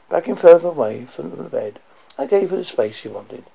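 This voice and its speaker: A man reading a dark first-person story aloud, low and intense, sometimes dropping to a whisper. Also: sing-song, moderate pace, gravelly, slightly rough. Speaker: audiobook narrator. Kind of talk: first-person audiobook narration. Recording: dull lo-fi recording.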